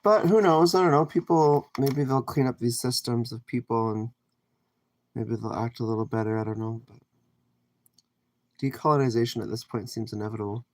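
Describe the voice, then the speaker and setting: The speaker is a Canadian livestreamer with a mid-range, darkish voice and a moderate pace. Cooking in his home kitchen, he chats casually with viewers, reads their comments out, and rambles through his replies.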